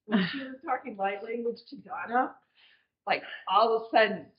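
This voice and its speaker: A woman's voice: fairly high pitch, moderate pace, reverberant, highs cut off. A woman taking part in a group session, chatting casually, a bit flustered. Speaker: participant. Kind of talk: casual chat.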